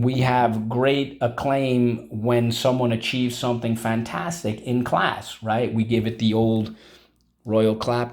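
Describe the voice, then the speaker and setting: A male teacher leads a vocabulary lesson, saying each word aloud and having the class repeat it. He prompts the students and marks up the spelling as he goes. His voice sits at a middling pitch. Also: a little mellow. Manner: drills words aloud, repeating each one.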